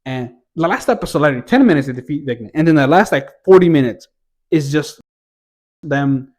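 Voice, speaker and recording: A man's voice: on the high side, expressive, normal speed, darkish tone. Profane, ranting young-sounding man. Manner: profane, exasperated, rambling with restarts. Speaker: TV reviewer. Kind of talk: casual ranting review.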